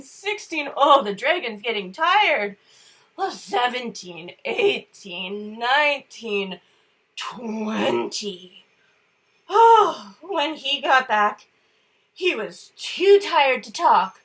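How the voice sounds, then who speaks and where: A woman reading a picture book aloud to young children. She speaks very slowly, and her pitch leaps all over the place. The voice is a little breathy, and she keeps coaxing the kids to join in. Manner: animated, coaxing kids to count and whisper along. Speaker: children's story reader.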